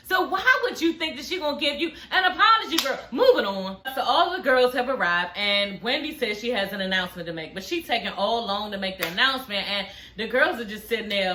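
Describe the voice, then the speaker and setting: A woman recapping a reality TV episode in casual, sassy talk, gossiping and swearing freely with drawn-out emphasis. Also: on the high side, animated, bright, forceful tone, roomy sound.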